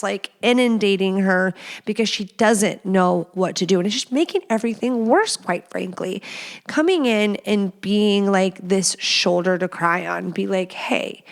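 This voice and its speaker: A young woman hosting a podcast, giving casual advice in a chatty, playful way with many fillers. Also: mid-range voice. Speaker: podcast host.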